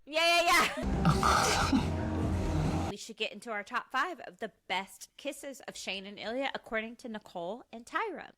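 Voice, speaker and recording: A woman co-hosting a podcast in casual chat, eager and quick to agree. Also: on the high side, lively intonation, bright, forceful tone, slight background noise. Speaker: podcast co-host.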